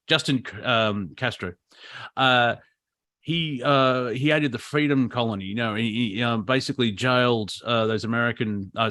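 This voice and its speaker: A man's voice: medium pitch, sharp tone, no room sound. An Australian man co-hosting a comedy chat, rambling and ranting with many fillers and restarts over a video call. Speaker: comedy show co-host.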